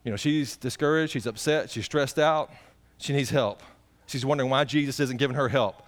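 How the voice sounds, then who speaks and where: A man's voice: mid-range voice, normal speed. A man, a pastor preaching a folksy, conversational sermon and putting direct questions to the congregation.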